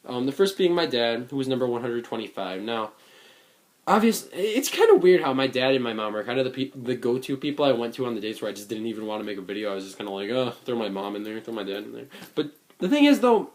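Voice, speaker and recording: A man's voice: medium pitch, darkish tone. A young man in his late teens talks in a casual reflective vlog. He sounds earnest and rambling, with many fillers and restarts. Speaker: vlogger.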